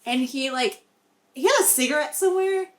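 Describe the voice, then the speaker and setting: High-voiced blunt young woman. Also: moderate pace. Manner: blunt, swears a lot, animated retelling. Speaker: podcast co-host, dancer. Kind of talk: casual chat, storytelling.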